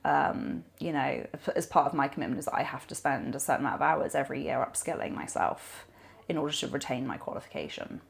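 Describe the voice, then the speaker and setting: A woman's voice: extremely low pitch, fast talker, creaky. A woman, a nutrition coach, talking animatedly in a podcast interview, rambling with lots of fillers and restarts.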